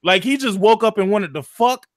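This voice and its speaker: A man's voice: high voice, expressive, moderate pace, no echo, clean studio sound. A man, animatedly retelling a video game story in casual chat, full of slang and profanity. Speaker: gaming podcast co-host.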